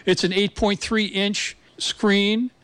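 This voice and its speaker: A man on a radio tech show, loud and enthusiastic, rattling off product specs quickly. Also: sits high, level tone, smooth, no room sound. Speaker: tech commentator.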